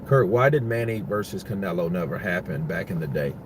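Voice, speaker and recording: A man's voice: low-pitched, animated, a little fast, noisy background. A man giving casual, rambling boxing commentary, full of profanity and restarts.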